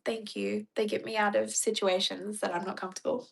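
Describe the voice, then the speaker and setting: A woman's voice: mid-range voice, little pitch movement, fairly quick, gravelly. A woman, chatting playfully with her stream viewers and laughing often. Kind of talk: casual chat.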